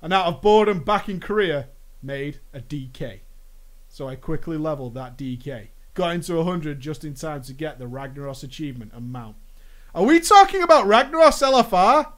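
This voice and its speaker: A young American man with an American accent telling a gaming story in a casual, joking monologue with mock-dramatic asides. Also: medium pitch. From United States. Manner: playful, jokey asides, drawn-out mock-dramatic phrases. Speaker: gaming vlogger.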